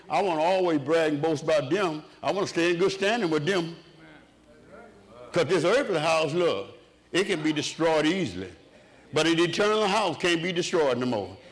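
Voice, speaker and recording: A man preaching to his congregation. His voice sits a little high and rises and falls freely. He delivers it in rhythmic waves and tosses questions to the room. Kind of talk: sermon.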